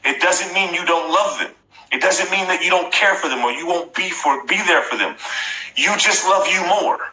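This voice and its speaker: A man's voice: high voice, moderate pace, pushed and bright. A man in his forties giving a motivational live-stream talk, repeating phrases emphatically and coaching his viewers directly. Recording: echoey room.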